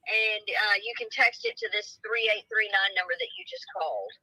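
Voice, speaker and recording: Friendly female realtor from Texas; bright, fairly high voice, dry sound. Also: big pitch swings, fairly quick, slightly rough, no echo, rough recording. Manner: friendly, polite, brief. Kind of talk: phone call.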